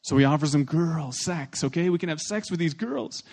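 A pastor preaching a sermon. He is animated and plain-spoken, with blunt humor, and he leads the congregation in repeating phrases. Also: on the high side, normal speed. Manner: animated, swings between loud emphasis and soft asides.

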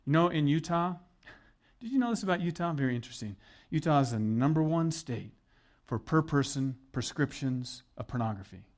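A man's voice: on the high side, expressive, a little fast, darkish tone. A middle-aged man preaching a sermon as pastor, conversational and earnest with joking asides.

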